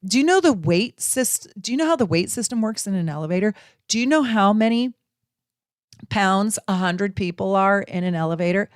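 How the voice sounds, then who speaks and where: A woman's voice: medium pitch, expressive, no room sound, studio quality, lightly acted. A woman imitating her pedantic boyfriend. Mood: exasperated. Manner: fussy, correcting, rapid-fire questions. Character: pedantic literal-minded male boyfriend.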